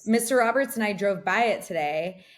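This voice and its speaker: Speaking at a moderate pace in a medium-pitched voice, this young podcast co-host tells a long, meandering story from a remote setup. Her casual chat is peppered with "like" again and again.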